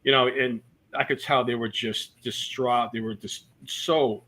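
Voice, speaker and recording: A comedian telling personal stories in a casual interview, mixing jokes and fillers. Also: male voice, medium pitch, steady tone, unhurried, bright, forceful tone. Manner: storytelling with jokes and many fillers. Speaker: comedian guest.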